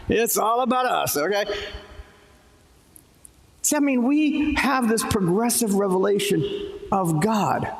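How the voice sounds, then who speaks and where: A man's voice: high voice, vocal fry. A man preaching a sermon in a church, talking in a loose conversational way and joking with the congregation. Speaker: pastor. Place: church sanctuary. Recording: echoey hall, live church stream. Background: church hall reverb.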